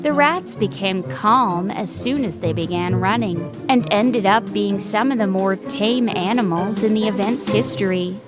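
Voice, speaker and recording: A woman narrating a scripted children's story with a gentle, measured reading. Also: medium pitch. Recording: faint background music.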